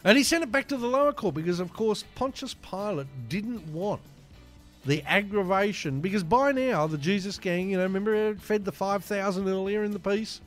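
A man's voice: high-pitched, moderate pace, faint music behind. A man co-hosting a show, giving an irreverent, profane comic retelling full of rambling asides. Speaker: podcast co-host.

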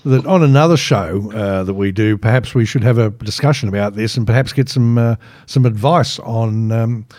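A man's voice: on the low side, normal speed, few pauses, a little mellow, no echo, clean studio sound. A man co-hosting a comedy podcast, wry and mock-serious in casual banter. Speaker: podcast co-host.

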